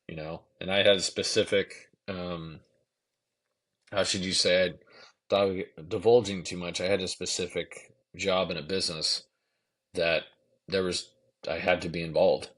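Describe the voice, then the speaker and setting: A man with a very deep, low voice tells a personal story in an easygoing, conversational way. He acts out the other people in the story and drops the odd curse word. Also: a little slow, pauses often. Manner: animated storyteller acting out quotes, swearing casually. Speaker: podcast guest. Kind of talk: casual storytelling.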